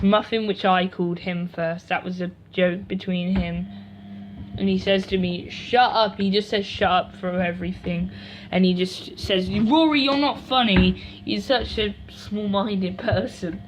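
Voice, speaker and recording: A woman of medium pitch chats in a casual home vlog, standing beside a washing machine, rambling along with self-corrections and side comments. Slight background noise sits under the dull, lo-fi home recording.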